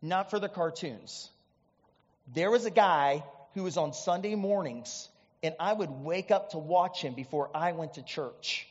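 A male pastor from Indiana in the US Midwest delivers a storytelling sermon at a measured pace, chatty and animated with many asides. His high voice echoes with long church-hall reverb, and the recording sounds dull.

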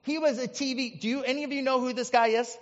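A male pastor from the US Midwest, telling stories in a chatty, animated sermon with many asides. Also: very high voice, quick pace, big-room sound, lo-fi sound. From Indiana, US Midwest. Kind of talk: storytelling sermon.

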